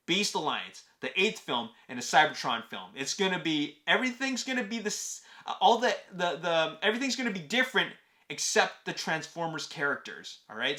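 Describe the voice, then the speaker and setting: A man hosts a casual movie news vlog, eager and emphatic as he speaks straight to his viewers. His voice sits a little high and carries a bright, forceful edge. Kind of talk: casual fan commentary to camera.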